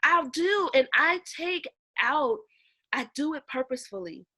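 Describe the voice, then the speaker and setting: A woman's voice: sits high, lively intonation, unhurried, pushed and bright. A middle-aged woman minister talking animatedly in an interview, laughing often and speaking with emphasis. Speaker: guest, minister and author. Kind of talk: casual interview conversation.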